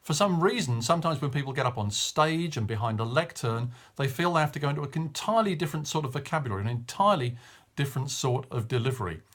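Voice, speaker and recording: A middle-aged man giving a short coaching tip on public speaking, talking in a clear, measured way and stressing key words. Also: mid-range voice, expressive, a bit bright. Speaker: media coach.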